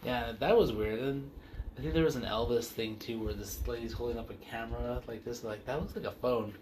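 A man's voice: mid-range voice, fairly even intonation, a little fast, a little mellow, a little hiss or hum. A man co-hosting a casual podcast, ranting heatedly and swearing often. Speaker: podcast co-host.

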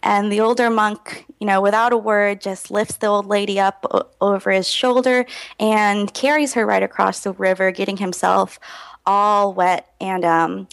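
A woman's voice: mid-range voice, steady tone, moderate pace, vocal fry. A woman guest on a podcast, an earnest and reflective storyteller who talks with many ums. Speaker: guest, health researcher. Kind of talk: podcast interview.

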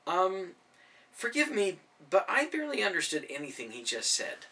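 A man voicing an earnest young Israelite woman who is startled and easily excited, reading her lines in a storybook reading. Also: fairly low pitch, moderate pace, distant mic, voice pushed up, full character voice.

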